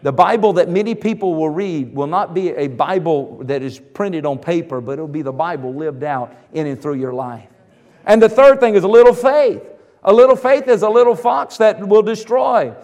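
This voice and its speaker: A man preaching a sermon as pastor, emphatic, swinging between loud bursts and hushed asides. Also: sits high, lively intonation, normal speed, big-room sound.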